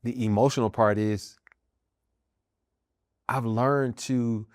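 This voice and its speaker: Taking it slowly with fairly even intonation, a man with a darkish, mid-range voice offers personal testimony on his podcast. He is a middle-aged American, an army veteran and minister, earnest and emphatic, repeating key phrases. The studio sound is clean, without room sound.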